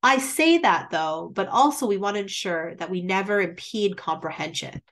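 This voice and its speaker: A woman's voice: medium pitch, lively intonation, a bit bright. Woman coaching presentation skills. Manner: deliberately varies volume and pace for emphasis; coaching, with frequent "um" fillers. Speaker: business presentation instructor. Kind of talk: webinar presentation.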